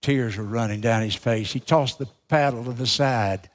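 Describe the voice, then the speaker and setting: A man's voice: medium pitch, moderate pace. A man preaching a sermon, telling a story and then speaking earnestly and directly to his listeners.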